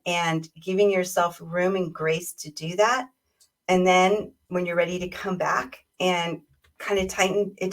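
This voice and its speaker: A woman's voice: medium pitch, distant mic. A woman diabetes educator on a webinar, speaking conversationally and acting out little exchanges with patients. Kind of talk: webinar talk. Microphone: video call.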